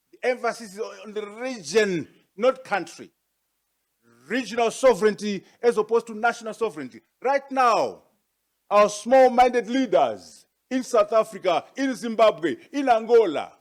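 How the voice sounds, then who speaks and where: A man with a high-set voice delivers a formal presentation to an audience. He speaks emphatically, stacking rhetorical questions and leaning on key words with sharp rises. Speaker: guest speaker.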